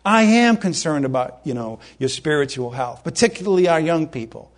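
A man preaching a sermon, fervent and emphatic, who slows down to read scripture and stumbles over his words when worked up. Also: a little high, lively intonation.

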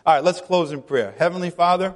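A man with a high, light voice preaches a casual, chatty sermon, often laughing and acting out little quoted lines. His voice rings with the long reverb of a big hall. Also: fast. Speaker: pastor.

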